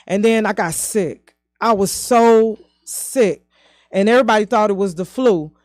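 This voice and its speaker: A woman in her fifties recounts her own past as a podcast guest, her speech mid-pitched and halting, sprinkled with "you know" and "um". Her pace keeps shifting between rushed and drawn-out, and the voice sits dry and close with no room sound. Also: darkish tone, no room sound. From southern United States. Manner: speeds up and slows down often. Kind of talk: personal storytelling in conversation.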